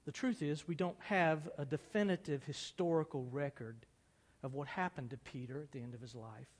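An earnest male preacher delivers a sermon with a slightly high voice. A long reverb from a church hall trails behind every phrase. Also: normal speed. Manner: earnest, rising to dramatic emphasis when reading. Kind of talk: sermon with dramatic reading.

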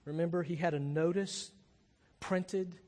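A man's voice: a little high, fairly even intonation, measured pace, a little mellow. A man, a pastor, gives a thoughtful, conversational sermon in a large reverberant room.

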